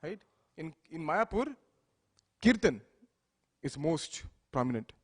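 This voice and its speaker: A man's voice: on the high side, very animated, slow pace, breathy edge. Man preaching with storytelling. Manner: acts out the deities' speech with rising loudness, asks listeners "right?". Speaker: speaker giving a temple lecture. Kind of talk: sermon with storytelling.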